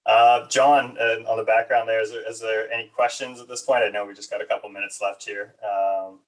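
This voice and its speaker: A man moderating a webinar panel over a video call in an easygoing, steady way. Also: lowish voice, fairly quick, recorded from a distance, low-quality recording. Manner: easygoing, steady, wraps up politely. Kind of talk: hosting a webinar.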